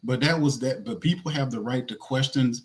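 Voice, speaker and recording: A man's voice: mid-range voice, brisk. A man hosting a sports podcast in casual talk, who argues his points emphatically and repeats them for stress. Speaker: podcast host.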